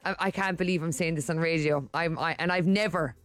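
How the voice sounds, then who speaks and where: A woman's voice: low voice, fairly even intonation, a little fast, dry recording, soft background music. A woman co-hosting a morning radio show, telling a rambling story in casual chat with lots of restarts. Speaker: radio co-host. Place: radio studio. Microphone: studio microphone.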